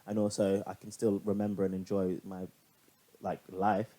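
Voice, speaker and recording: A man's voice: deep voice, level tone, normal speed, warm tone, a little hiss or hum. A young man co-hosting a podcast, chatting casually and animatedly, laughing and swearing now and then. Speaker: podcast co-host. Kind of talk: casual chat.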